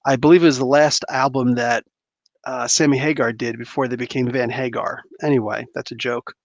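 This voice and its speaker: A man hosts a loose comic book livestream, greeting viewers and reading their comments aloud. His voice has a rough, gravelly fry, and the sound is close and dry with no room echo. He rambles, stacks fillers and laughs often. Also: mid-range voice, fairly even intonation, a little fast.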